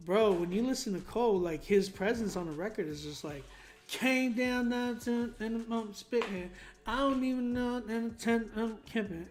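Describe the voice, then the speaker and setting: Young man, high voice, animated and emphatic, casual critique host, faint music behind. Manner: animated, emphatic, lots of fillers. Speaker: host giving song critiques. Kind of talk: livestream critique chat.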